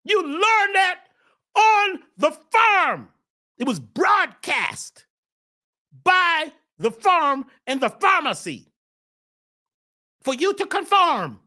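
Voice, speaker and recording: A man hosting a spiritual talk show, preaching with fire, shouting at times and then dropping to a hush. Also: very high-pitched, sing-song, very slow, pauses often. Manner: preachy, swings from shouting to hushed. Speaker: host.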